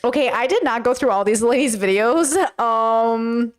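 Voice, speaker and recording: A woman's voice: a little high, moderate pace. A woman streamer reacting to videos in casual commentary, incredulous and thinking aloud as she rambles.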